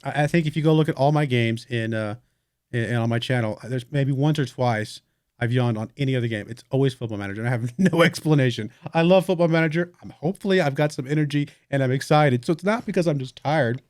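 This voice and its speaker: A man's voice: mid-range voice, fast, darkish tone, no room sound. A young man commentates his gameplay in an easygoing, rambling way, full of fillers and thinking aloud. His voice sits in an ordinary middle register. The sound is close and dry, with no room around it. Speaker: let's play host.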